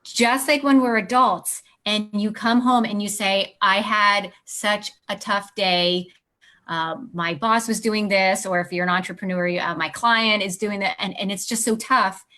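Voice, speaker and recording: A woman's voice: mid-range voice, fairly even intonation, measured pace, bright, forceful tone. A woman, a parenting author and guest on an interview show, explaining her ideas and acting out little scenes between parent and child. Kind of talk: interview answers.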